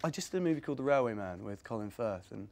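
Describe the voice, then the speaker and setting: A man's voice: lowish voice, animated, very fast, darkish tone, slight background noise. A young man from England, an actor guest in a casual interview, chatting in a rambling way and laughing easily.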